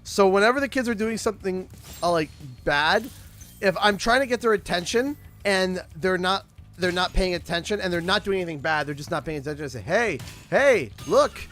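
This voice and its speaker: A man from Canada chatting casually and rambling while playing a video game on a live stream, now and then breaking into sudden loud shouts. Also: high-pitched, fairly quick, soft background music.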